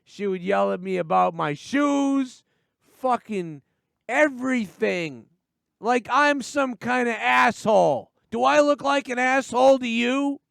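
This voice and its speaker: A man voicing a bitter, rambling divorced man complaining to a stranger at a bar, slow and aggrieved. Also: fairly high pitch, very animated, creaky, clear, resonant tone, no room sound, clean studio sound, pitched above the performer's own voice, full character voice. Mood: aggrieved rant. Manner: aggrieved, ranting, slow and drawn out.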